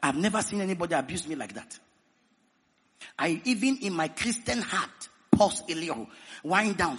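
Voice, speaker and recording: A man with a Nigerian accent preaching a sermon as pastor, who tells stories and leads the church in shouted prayer. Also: high-pitched, lively intonation, moderate pace. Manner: storytelling sermon building into shouted prayer and tongues.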